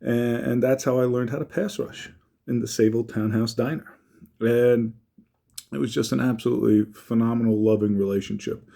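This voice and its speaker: A man telling a heartfelt personal story, halting, with many fillers and restarts. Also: medium pitch, fairly even intonation, gravelly, mellow.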